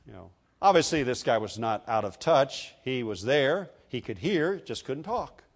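A man preaching a sermon as a pastor, with sudden swells and drops in loudness and conversational asides to the congregation. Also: mid-range voice, very animated, measured pace.

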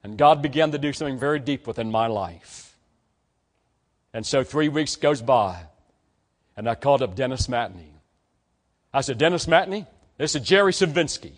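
An older man preaching a sermon to students, telling a story and acting out the dialogue, rising to emphatic peaks and dropping low. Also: expressive, moderate pace, pauses often.

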